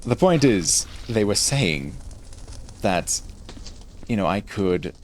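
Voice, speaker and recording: A man's voice: fairly low pitch, expressive, slow pace, slight background noise. A young man streaming a game, rambling in a self-deprecating, jokey way with a mild faux British-Australian lilt. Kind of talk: rambling gameplay commentary.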